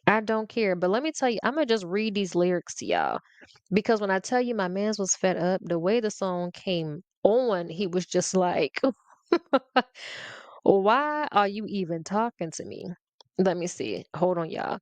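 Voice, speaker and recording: A woman speaking hosts a casual comedic rant, teasing and animated. Her voice is smooth and clear at a middling pitch. The recording is close and dry, with no room sound. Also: no room sound. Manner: animated and playful, breaks into half-sung lyrics, laughs often. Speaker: podcast host.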